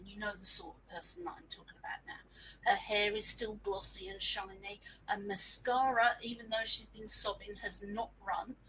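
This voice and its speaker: A woman's voice: medium pitch, sharp tone, a little hiss or hum, low-quality recording. A woman, telling a frank, self-mocking story in a casual live stream and sprinkling in mild swearing. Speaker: small business owner sharing marketing lessons.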